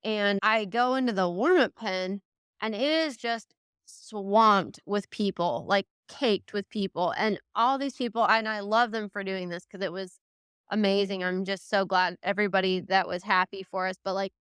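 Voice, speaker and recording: Woman with a very clear, smooth voice, recounting things in a rambling way. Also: medium pitch, moderate pace, a bit bright, dry recording, clean studio sound. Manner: rambling, emotional play-by-play full of "like" and "you know". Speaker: guest, reining horse trainer. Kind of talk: casual interview storytelling.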